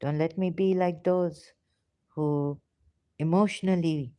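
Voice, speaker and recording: A woman's voice: low-pitched, steady tone, takes it slowly, dark tone, no echo. A woman giving an emotional, passionate, pleading monologue to her viewers, now and then dropping into a whisper. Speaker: ex-religious vlogger. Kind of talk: impassioned spoken monologue.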